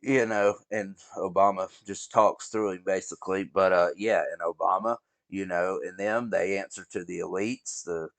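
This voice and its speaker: A man's voice: deep voice, fairly even intonation, normal speed, creaky, a bit bright, no echo. A man hosting a reaction video, rambling and swearing as he talks straight to his viewers. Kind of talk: casual reaction commentary.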